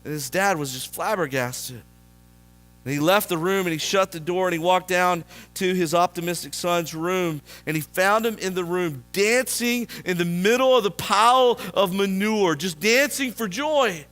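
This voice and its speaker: A man's voice: sits high, normal speed, a bit bright. A man preaching a sermon in church, telling a story and asking the congregation questions. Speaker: pastor.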